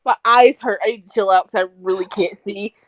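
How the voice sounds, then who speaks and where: A woman's voice: mid-range voice, steady tone, brisk, no echo. A woman co-hosting a casual podcast over a video call, rambling with lots of fillers and laughing often. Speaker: podcast co-host.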